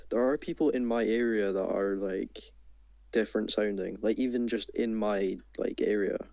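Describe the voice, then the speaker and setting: A young Scottish man, calm and well-spoken, chatting as a podcast guest. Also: moderate pace, gravelly, no echo. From Scotland. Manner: deep, calm, well-spoken, laid-back. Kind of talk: casual podcast chat.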